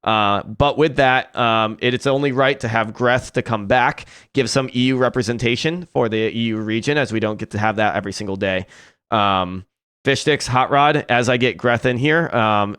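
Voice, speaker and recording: A man's voice: medium pitch, fairly bright tone, clean tone, no echo, clean studio sound. A man hosting a live esports tournament stream, casual and joking with many fillers. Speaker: esports caster and host.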